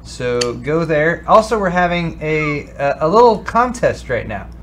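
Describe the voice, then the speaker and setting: A man's voice: on the high side, sing-song, unhurried, fairly bright tone, slight background noise. A man co-hosting a casual tech show, talking loosely with frequent restarts and fillers. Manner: rambling, restarts with many ums and uhs. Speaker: co-host. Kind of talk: casual chat.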